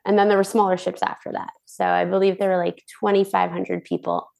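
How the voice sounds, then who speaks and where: A young woman talks through her stories as a guest, bubbly and chatty and filling her sentences with "like". Her voice sits at an ordinary middle pitch, and her delivery stays loose and conversational. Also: fairly quick, vocal fry. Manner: chatty and animated, leans on "like". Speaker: guest, professional dancer. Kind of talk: casual storytelling interview.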